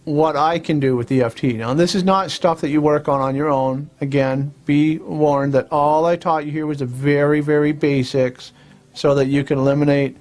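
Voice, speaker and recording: Man calmly guiding a tapping lesson. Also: fairly high pitch, moderate pace. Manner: repetitive instructional talk with affirmation phrases. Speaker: host and tapping practitioner.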